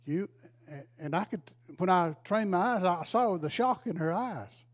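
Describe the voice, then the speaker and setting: Older man, pastor, storytelling sermon, folksy and emotional, slightly high voice. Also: animated, normal speed. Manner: folksy, emotional, exclaims praise. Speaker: retired pastor.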